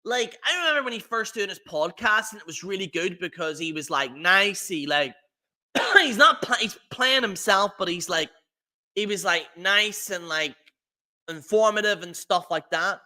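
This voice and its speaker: A man's voice: high-pitched, expressive, normal speed, sharp tone. A man hosting a livestream, ranting in a profane, rambling, mocking way. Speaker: livestream host. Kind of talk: casual rant on a livestream.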